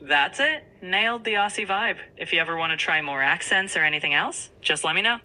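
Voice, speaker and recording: Woman's voice, AI assistant, very bright tone, low pitch, upbeat polished phrasing. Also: animated, brisk, poor audio. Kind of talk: synthetic assistant reply.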